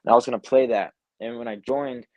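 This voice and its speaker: Over a video call from home, a young man who produces music recounts a story during a live online interview, voicing other people's lines and leaning on "like" a lot. He talks fast in a mid-range voice, and the recording is dry.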